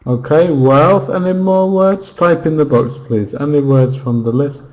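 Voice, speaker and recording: A man teaching an online English lesson, slowly repeating words and pronunciations for his students. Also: on the high side, darkish tone, rough recording.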